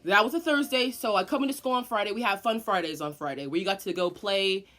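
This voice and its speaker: A young woman telling a personal story in a casual vlog, animated and swearing often. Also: medium pitch, fast. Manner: animated, profane, dramatic storyteller. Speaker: vlogger.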